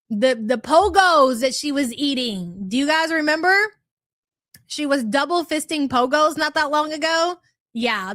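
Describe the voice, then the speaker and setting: A woman with a high voice hosts a commentary livestream, reading super chats aloud. She talks in a sarcastic, incredulous, teasing way. Her voice sounds dry and close to the mic. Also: a bit bright, dry recording. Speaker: commentary channel host.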